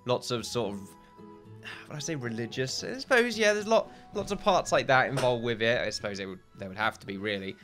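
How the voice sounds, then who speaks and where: A tired man talks his way through a building game in a loose, rambling let's-play chat, forever correcting himself and chuckling. His voice is bright and lively, swinging up and down in pitch. Soft game music plays underneath. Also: fairly quick. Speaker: gaming video host. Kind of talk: casual let's-play commentary.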